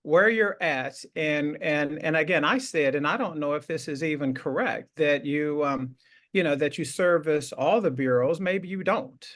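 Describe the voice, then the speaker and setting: Host, man, slightly high voice, loose rambling talk, lots of restarts. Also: normal speed. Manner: rambling, warm praise with many restarts and laughs. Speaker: show host. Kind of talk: casual interview chat.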